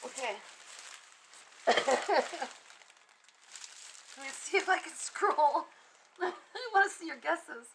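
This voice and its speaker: Giggly lady on a livestream reading out comments, high bright voice, slow easy talk. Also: expressive, gravelly, slight background noise. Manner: giggly, reads viewer comments aloud. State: muffled inside an inflatable costume at times. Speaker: psychic livestream host. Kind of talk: casual livestream chat.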